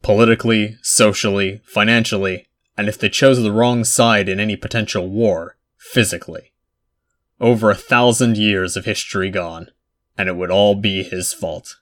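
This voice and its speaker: A man narrating a fan fiction chapter aloud in a measured storytelling manner. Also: on the low side, fairly even intonation, fairly bright tone. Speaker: audiobook narrator.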